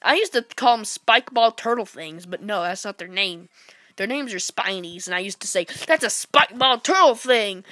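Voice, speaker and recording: Bright, goofy woman gamer. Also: mid-range voice, normal speed, dry recording. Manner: goofy and playful, jumping between whispers, squeals and shouts. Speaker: gameplay commentator. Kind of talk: casual let's-play commentary.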